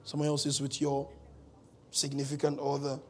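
High-voiced preacher, dramatic and humorous. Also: male voice, monotone, normal speed, a little mellow. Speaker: pastor. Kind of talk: sermon.

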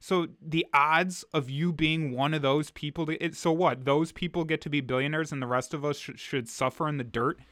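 A man's voice: on the high side, fairly even intonation, normal speed, few pauses, fairly bright tone, dry recording, clean studio sound. A man co-hosting a podcast, talking earnestly and with frustration, often restarting his sentences. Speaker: podcast co-host. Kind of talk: casual podcast chat.

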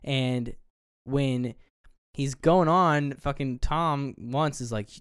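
A man's voice: medium pitch, slow pace, a bit bright, smooth, dry recording. Dry-sounding man retelling a film. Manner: rambling scene-by-scene retelling, swears freely. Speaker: podcast co-host. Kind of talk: casual film review chat.

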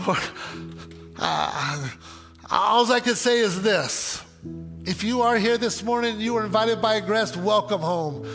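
A high-voiced man preaches with energy, breaking off into playful asides. His voice carries a long reverb through a large church hall, and faint music runs underneath. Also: a little slow. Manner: animated, with joking asides. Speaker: pastor. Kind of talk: sermon.

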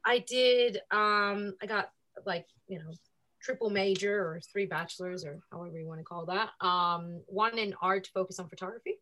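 A woman's voice: mid-range voice, moderate pace. A woman from California with an American accent, a guest telling stories in a casual, chatty way. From California, USA. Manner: chatty, animated retelling with laughs and fillers. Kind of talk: casual storytelling interview.

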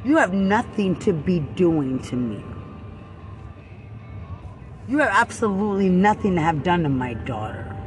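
A man with a high voice delivering a furious, repetitive rant, hurling accusations and curses. He talks outdoors in a built-up area, with clear music playing behind him. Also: sing-song, unhurried, long pauses. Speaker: person ranting at someone. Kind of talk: angry confrontational rant.

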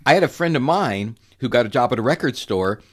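A man co-hosting a chatty podcast, his pitch swinging widely as he talks. He rambles, restarts his sentences and laughs often. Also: expressive, fairly quick. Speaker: podcast co-host. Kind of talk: casual chat.

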